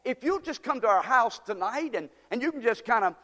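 A preacher playing a folksy tentmaker. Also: male voice, very high voice, lively intonation, a little fast, sharp tone, pitched above the performer's own voice, heavily acted. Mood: friendly. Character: friendly male tentmaker, homey and relaxed. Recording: long hall reverb.

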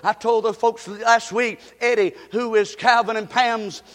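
A man preaching a sermon as pastor, swinging from shouts to hushed murmurs. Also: sits high, fairly even intonation, unhurried. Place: church sanctuary. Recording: long reverb in a church hall.

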